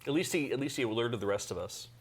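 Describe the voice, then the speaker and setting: A man's voice: mid-range voice, quick pace, slightly rough. A man playing in a tabletop game, tossing in laid-back, wry one-liners. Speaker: player. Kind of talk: casual table chat.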